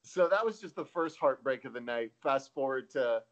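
A man's voice: medium pitch, expressive, moderate pace, dull audio. A man in casual podcast chat, telling stories in a laid-back, profane way.

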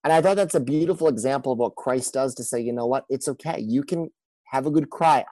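An earnest male pastor talks about faith and loss in a relaxed conversation. He doubles up words as he thinks and slips into the voices of people he quotes. The sound is dry and close, with middling pitch. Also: fast talker, dry recording, poor audio. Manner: earnest, repeats words, acts out quoted speech. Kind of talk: conversational podcast talk.

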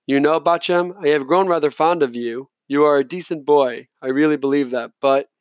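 A man's voice: on the high side, normal speed, no room sound, clean studio sound, lightly acted. A man reading a coolly polite old general. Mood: veiled threat. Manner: thinly polite, veiled menace. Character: older Afghan general, coolly condescending.

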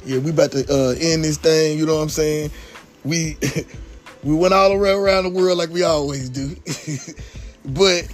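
A man's voice: on the high side, steady tone, moderate pace, faint music behind. A man co-hosting a podcast, talking in loose, slangy banter and laughing often. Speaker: podcast co-host. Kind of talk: casual podcast chat.

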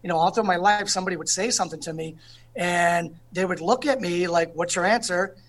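A man speaking as a guest in an interview, telling stories with lively energy and often asking "you know what I'm saying". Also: sits high, brisk.

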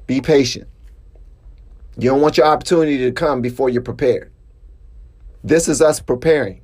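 Male podcast host, mid-pitch, casual storyteller, pitch spikes on emphasis. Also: moderate pace. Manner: animated storytelling with sudden rises in pitch. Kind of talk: casual monologue.

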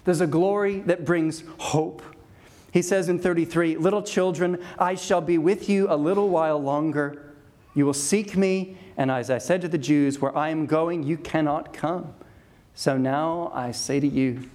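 A man's voice: a little high, fairly even intonation, a little slow, a little mellow. A man preaching a sermon, earnest and emphatic, building his points through repeated phrases. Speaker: pastor.

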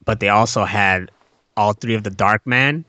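Excitable man, casual swearing chat. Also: moderate pace, dry recording. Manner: excitable, swearing, jumps into high put-on voices when quoting. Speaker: podcast co-host.

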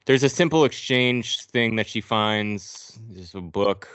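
Low, smooth-voiced man recapping a movie. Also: slow, a bit bright, no echo. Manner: sarcastic, profane, narrating scenes. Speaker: podcast co-host.

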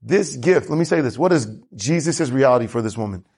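A man preaching a lively sermon as pastor, asking the congregation questions and drawing answers back. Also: mid-range voice, brisk, slightly rough. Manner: animated preaching with congregation call-and-response.

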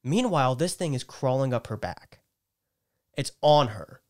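Guy on a podcast telling a wild story, swears a lot, gets loud acting it out. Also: mid-range voice, measured pace. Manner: animated, profane, swings loud when reenacting. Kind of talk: casual storytelling chat.

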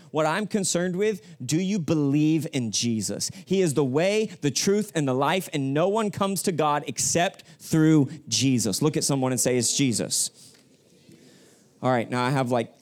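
A young male pastor preaching a sermon in a church sanctuary. He talks casually and with slang, and prompts the congregation to repeat phrases back to him. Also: a little high.

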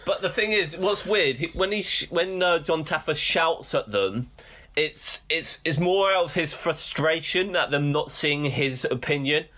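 Bright-voiced young British man. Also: on the high side, unhurried. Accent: British English. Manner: sweary, laughing, rambling. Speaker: podcast co-host. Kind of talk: casual chat.

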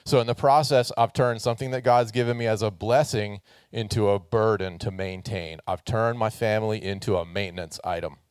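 A man with a fairly low voice preaches a relaxed, jokey sermon. He talks with the congregation and gets them to join in. The sound is close and dry. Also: fairly quick, hardly any pauses, smooth, no room sound. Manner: casual, joking, talks with the congregation. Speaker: pastor.

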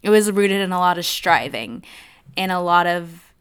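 A woman's voice: fairly low pitch, normal speed, smooth. A young woman hosting her own podcast, talking earnestly and from the heart, speaking straight to her listeners as a life coach. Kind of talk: personal podcast monologue.

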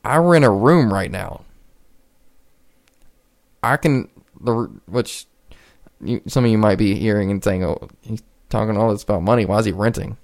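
Guy in his 20s just rambling on his podcast, kinda low voice, restarts a lot. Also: moderate pace, pauses often. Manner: rambling, conversational, frequent restarts. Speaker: podcast host. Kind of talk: casual solo podcast talk.

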